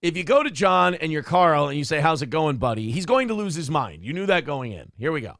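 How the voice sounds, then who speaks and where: Ranting male host with gravelly voice. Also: a little high, big pitch swings, a little fast, a bit bright, no room sound, studio quality. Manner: blunt, profane, ranting. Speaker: show host. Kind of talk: casual commentary on a clip.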